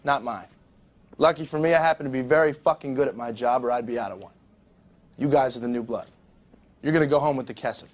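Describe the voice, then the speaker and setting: A man playing a cocky rich young broker. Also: natural voice. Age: 20s. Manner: brash, profane recruiting pitch. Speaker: stockbroker boss. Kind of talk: film monologue.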